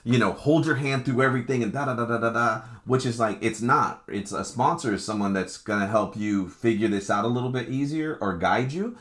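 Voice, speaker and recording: A man with a bright, forward voice tells a personal story in relaxed, slangy conversation. He is animated, acts out the dialogue he remembers, and drops in the odd swear word. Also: mid-range voice, brisk, few pauses. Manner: animated, acts out quoted dialogue, laughs often; loose slangy speech with swearing. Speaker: guest telling his recovery story. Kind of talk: casual storytelling chat.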